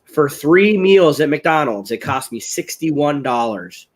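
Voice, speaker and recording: Excitable American man on a webcam. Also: fairly high pitch, takes it slowly. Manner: rambling, excitable storytelling, raises voice when recounting. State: ill, voice strained. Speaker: guest, chili-eating champion. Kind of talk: casual live-stream chat. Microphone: webcam on a live video call.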